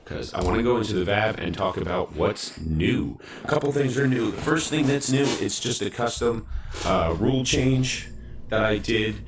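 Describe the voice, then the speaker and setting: Young male streamer, low voice, chatty and self-interrupting, casual desk-mic sound with faint hiss. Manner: chatty, self-interrupting while fixing his audio. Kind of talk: casual live game stream chat.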